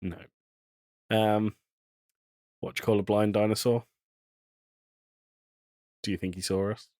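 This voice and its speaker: Deadpan British podcast co-host. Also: male voice, fairly low pitch, unhurried, no room sound, studio quality. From Britain. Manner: deadpan joke-telling. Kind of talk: casual chat.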